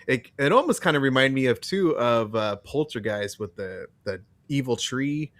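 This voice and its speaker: A man with a bright, forceful tone, co-hosting a relaxed film review chat. He weighs his opinions slowly, stopping and restarting often. His voice sits in a middle pitch and sounds dry and close to the mic. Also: no room sound. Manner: hesitant, with frequent fillers and restarts. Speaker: podcast co-host.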